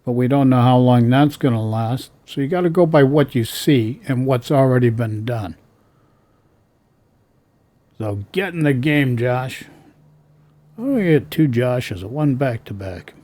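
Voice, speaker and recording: A man's voice: medium pitch, animated, a little slow, long pauses, warm tone. Blunt exasperated man. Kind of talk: casual political rant.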